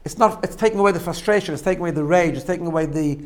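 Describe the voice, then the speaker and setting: Very fast and fairly high in pitch, a man teaches a spoken lesson about self-growth. He breaks it down step by step, with repeated phrases and plenty of "right?"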